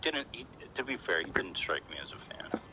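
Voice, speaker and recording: A man's voice: deep voice, very animated, a little fast, very noisy. A man hosting a casual commentary chat, rambling and blunt with plenty of swearing. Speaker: streamer and podcast host.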